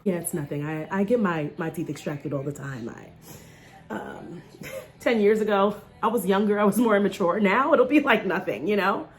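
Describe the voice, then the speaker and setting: A woman's voice: moderate pace, slight background noise. A woman in her thirties, from New York, talking casually to camera in a vlog, nervous and joking before a dental procedure. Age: 30s. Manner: chatty and joking, lively swings in pitch. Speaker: vlogger.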